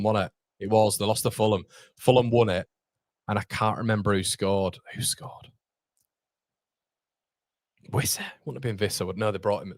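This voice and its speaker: A man chatting excitedly on a live stream, reacting to the chat and the football match as he watches. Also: on the low side, dry recording.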